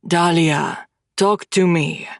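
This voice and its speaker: A woman reading an audiobook voices a suave, sardonic French male friend, pitched lower than her own voice. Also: steady tone, slow, gravelly, no echo, clean studio sound. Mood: teasing. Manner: playful, sardonic.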